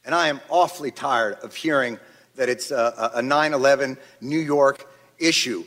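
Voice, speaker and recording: A man's voice: medium pitch, normal speed, fairly bright tone. A man giving angry, emphatic testimony at a hearing in a large chamber. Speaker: witness testifying at a congressional hearing. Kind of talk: impassioned prepared testimony. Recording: long reverb of a large hearing room.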